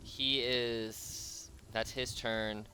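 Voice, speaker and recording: A man's voice: mid-range voice, little pitch movement, very slow, pushed and bright, slight background noise. A man running a tabletop game as game master, narrating casually with fillers and laughs.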